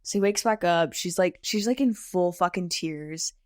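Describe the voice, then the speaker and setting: A woman in her thirties, a tattoo artist, chatting casually on a podcast and telling stories in an animated way, often saying "like" and "okay?". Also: on the low side, normal speed, dry recording, studio quality. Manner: animated storyteller, frequent "like" and "okay?". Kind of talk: casual podcast chat, storytelling.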